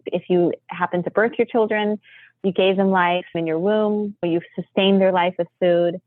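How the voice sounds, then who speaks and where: A woman telling a family story in a chatty, animated way, laughing often. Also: fairly low pitch, moderate pace, no room sound. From United States. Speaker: podcast guest, homeschooling mother. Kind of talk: casual storytelling. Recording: tinny phone-line sound, dry.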